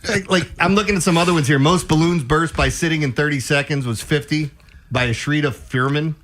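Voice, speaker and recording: A man's voice: fairly high pitch, fairly quick, fairly bright tone. A man hosting a sports talk radio show, riffing casually and laughing often.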